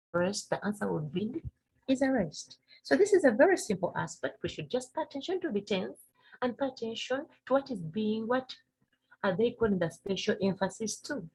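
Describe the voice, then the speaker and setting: A woman from Uganda gives a recorded grammar lesson, her voice a touch husky. She talks patiently and slows down to repeat every example sentence. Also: medium pitch, darkish tone, low-quality recording. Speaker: teacher.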